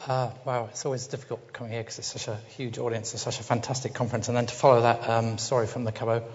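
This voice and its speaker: A man's voice: mid-range voice, level tone, quick pace, a little mellow, a little hiss or hum. Middle-aged man giving a keynote in a hall. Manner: hesitant and self-deprecating, many ums. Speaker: keynote speaker. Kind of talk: conference keynote. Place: large conference hall. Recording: dull sound with long hall reverb.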